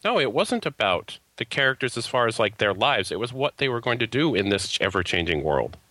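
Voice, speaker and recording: A man's voice: medium pitch, very animated, fairly quick, pushed and bright, no echo, low-quality recording. A man co-hosting a casual podcast chat, arguing his opinions firmly. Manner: opinionated, argues his point. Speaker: podcast co-host.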